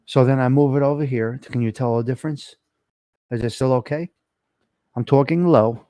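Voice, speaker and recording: An Italian-American livestream host from New Jersey chats casually while reading live comments, asking viewers how his microphone sounds. His warm, medium-pitched voice moves at a moderate pace with long pauses. A close desk microphone gives a clean studio sound with no echo.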